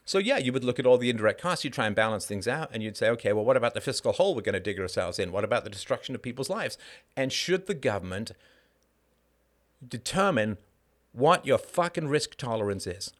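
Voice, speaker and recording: A man's voice: medium pitch, sing-song, fast talker. A man hosting a live call-in show, delivering a heated monologue in an emphatic, blunt and profane way, with sardonic asides and rhetorical questions.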